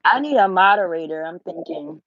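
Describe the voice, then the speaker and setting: A woman with a lowish voice chats on a livestream from home, blunt and playful, cursing freely. The sound is dry and a little dull, as if from a modest lo-fi mic close to her. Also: animated, a little fast, dry recording. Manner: blunt, teasing, swears freely. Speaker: tarot reader and channel host. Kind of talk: casual livestream chat.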